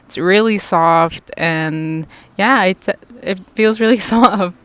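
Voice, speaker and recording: A young woman vlogger casually reviewing makeup, gushing and excitable and swearing freely. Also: medium pitch, slow, smooth. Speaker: beauty vlogger.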